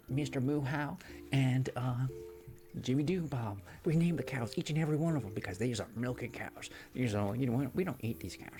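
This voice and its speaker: Game quest-giver: a man putting on a folksy, rambling Southern farmer, gravelly edge, music underneath. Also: medium pitch. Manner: rambling, folksy, turns ominous. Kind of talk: improvised role-play on stream.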